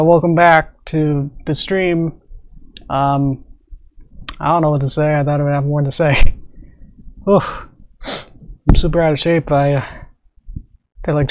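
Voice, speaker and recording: A man's voice: fairly high pitch, darkish tone. A man streaming live, chatting casually and rambling with lots of fillers and little laughs. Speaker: streamer and animator. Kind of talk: casual livestream chat.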